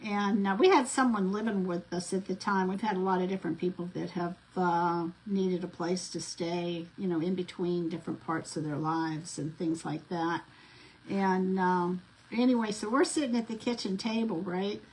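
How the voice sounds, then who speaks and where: A woman's voice: on the low side, fairly even intonation, normal speed, a little mellow, husky, rough recording. A middle-aged woman, chatting and rambling through stories while she works on a craft vlog, full of fillers and restarts. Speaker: craft vlogger.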